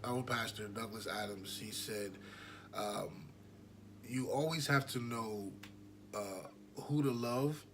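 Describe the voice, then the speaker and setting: A man's voice: fairly low pitch, slow, slight background noise. Laid-back young man chatting on a podcast. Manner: relaxed, rambling with many fillers. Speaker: podcast co-host. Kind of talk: casual chat.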